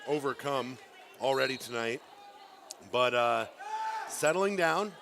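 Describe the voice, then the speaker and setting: A man giving live play-by-play commentary on a volleyball match in a school gym, often reacting with quick exclamations. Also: mid-range voice, creaky, crowd noise, noisy background. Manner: excitable, exclaims "ooh" at big plays. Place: school gymnasium.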